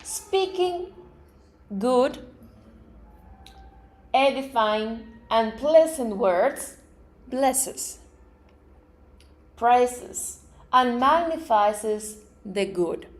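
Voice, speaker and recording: A woman's voice: fairly high pitch, expressive, very slow, long pauses. A woman teaching a group about positive attitudes, earnestly acting out affirmations and everyday reactions, often repeating words and restarting her phrases. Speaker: metaphysics teacher. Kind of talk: spiritual teaching talk. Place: live event in front of a group.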